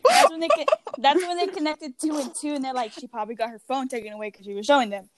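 A woman's voice: sits high, animated, quick pace. A teenage girl chatting casually with a friend, giggly and chiming in. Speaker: podcast co-host. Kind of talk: casual chat.

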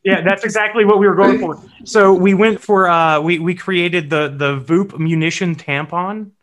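Male podcast co-host, rambling and casual, voice a bit high. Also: fairly even intonation, moderate pace, fairly bright tone. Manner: rambling, many fillers and restarts.

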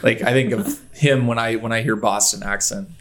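A man's voice: fairly low pitch, steady tone, normal speed, over a noisy crowd. A man chatting casually as a podcast co-host, rambling and hesitant as he tells stories. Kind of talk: casual chat.

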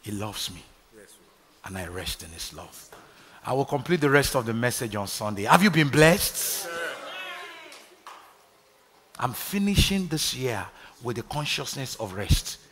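A man's voice: medium pitch, sing-song, moderate pace, fairly bright tone, slight background noise. Nigerian man preaching in a reverberant hall. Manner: preaching with call-and-response to the congregation. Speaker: pastor. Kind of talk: sermon. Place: large church hall.

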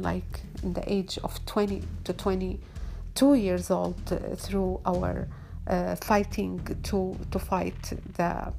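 Woman broadcaster rambling from the heart, halting, lots of uhs, mid pitch, unhurried. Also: creaky, slight background noise. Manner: earnest, halting, with frequent pauses and fillers. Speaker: online broadcaster. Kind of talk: unscripted heartfelt monologue.

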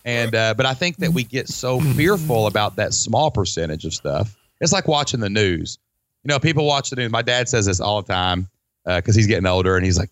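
A man hosting a podcast in casual chat, animated and folksy, acting out quoted people with big jumps in his voice. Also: lowish voice, fairly quick, dry recording. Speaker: podcast host.

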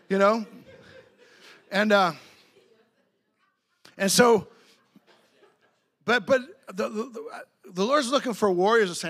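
High-voiced excitable storytelling pastor. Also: male voice. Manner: storytelling with acted-out quotes and laughter; excitable, many quick restarts. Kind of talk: sermon.

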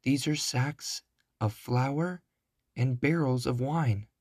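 A nervous young boy talks fast and a little high in a storybook reading, as a man puts him on. He sounds studious and on edge. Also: darkish tone, no echo, studio quality. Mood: anxious. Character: anxious bookish young boy.

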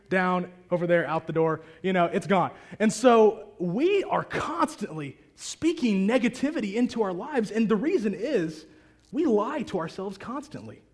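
A man preaching a sermon to a congregation in a conversational, animated way. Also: high voice. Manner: conversational and animated, acting out prayers. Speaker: pastor. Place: church hall with a congregation.

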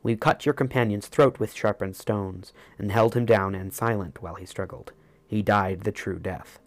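A man reading the lines of an impassive alien tribesman in a calm, matter-of-fact way. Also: lowish voice, moderate pace, lightly acted. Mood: flat.

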